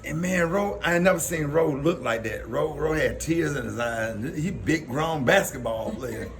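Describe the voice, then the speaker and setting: A man's voice: a little high, normal speed. Southern man telling stories, laughing often. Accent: Southern US, Alabama. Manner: animated, laughs often, acts out quotes. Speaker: comedian telling a story. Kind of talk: casual storytelling.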